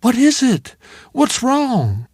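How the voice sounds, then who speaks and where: A lively young woman talks in a friendly, insistent way, as a male narrator voices her. His voice lifts a little for her, staying close to his own. It is recorded dry, with no room sound. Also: on the high side, normal speed, vocal fry, no room sound. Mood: worried. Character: lively young woman teacher, warm, eager.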